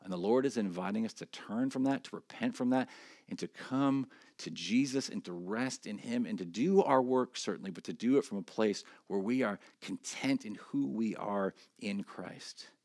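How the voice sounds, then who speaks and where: A man preaching a sermon as pastor, earnest. His voice climbs when he voices prayers and scripture, then drops soft and low on reflective points. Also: normal speed, no echo, studio quality. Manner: earnest, rises in pitch and volume when quoting scripture and prayers.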